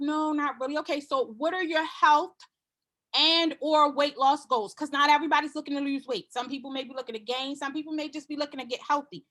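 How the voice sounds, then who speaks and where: A woman's voice: high-pitched, steady tone, a little fast, sharp tone. A woman giving a casual sales training talk to her team, confident and repetitive, acting out customer conversations.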